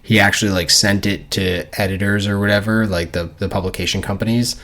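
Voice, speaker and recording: A man with a very low voice chatting casually on a book-club podcast. He rambles through his thoughts, swears without a second thought and breaks into laughter now and then. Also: steady tone, a little fast, a bit bright. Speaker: podcast co-host.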